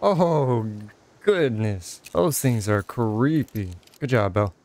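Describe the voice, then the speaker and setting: Animated, excitable young man gaming. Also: medium pitch, slow pace, a little hiss or hum. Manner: excitable, talks to companion character, frequent laughs and exclamations. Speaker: gaming channel host. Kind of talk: casual let's play commentary.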